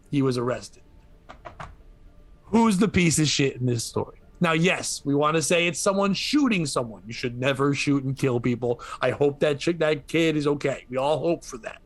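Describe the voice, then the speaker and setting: A man hosting a comedy podcast, retelling a news story with animated, profane storytelling. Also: fairly high pitch, dry recording. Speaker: podcast host.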